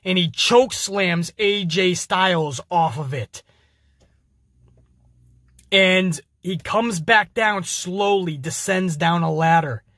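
High-voiced man recapping wrestling, profane. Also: slow pace, no echo, studio quality. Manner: energetic, profane storytelling. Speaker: podcast host. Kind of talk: casual wrestling show review.

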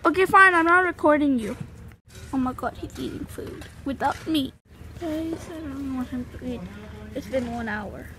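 A female host giving casual gameplay commentary, chatting and calling out loudly to her pets. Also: high-pitched, normal speed. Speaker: gaming channel host. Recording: clear background noise.

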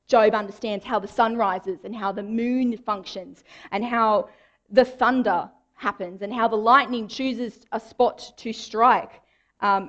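A woman's voice: fairly high pitch, lo-fi sound. A young woman giving a chatty, informal sermon in a church. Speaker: preacher.

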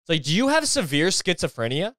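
A man's voice: fairly high pitch, very animated, brisk, a bit bright, no echo, studio quality. A young adult man hosting a podcast, delivering a sarcastic, exasperated and profane comedic rant. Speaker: podcast host.

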